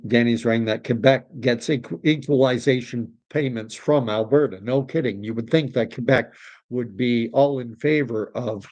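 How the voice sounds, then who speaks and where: Male livestream host from Canada, middle pitch, rambling chat, dry close sound. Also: darkish tone, dry recording, highs cut off. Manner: rambling, self-correcting, reads comments aloud. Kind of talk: casual livestream chat reading viewer comments.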